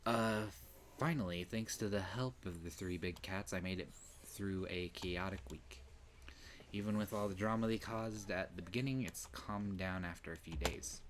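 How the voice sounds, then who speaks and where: Man, very low voice, game streamer, reads dialogue aloud, loud outbursts, faint background noise. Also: normal speed. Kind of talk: reading a visual novel aloud on stream.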